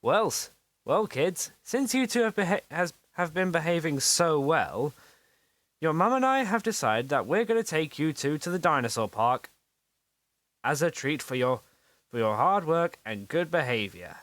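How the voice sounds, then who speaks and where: A performer voicing a calm, sensible father who talks in halting restarts. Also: sits low, dry recording. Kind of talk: homemade storybook voice acting.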